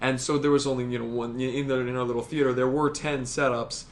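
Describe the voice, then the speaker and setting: A man co-hosting a podcast in casual chat, rambling and excitable, swearing freely as he tells stories. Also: mid-range voice, brisk, slight background noise. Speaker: podcast co-host.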